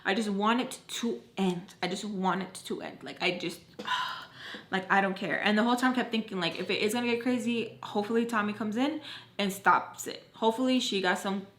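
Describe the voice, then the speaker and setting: A young woman tells a personal story in a casual, animated way, swearing freely and acting out what people said. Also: medium pitch, a little fast, a little hiss or hum. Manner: animated, profane, acts out quotes. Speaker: beauty vlogger telling a story. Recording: echoey room.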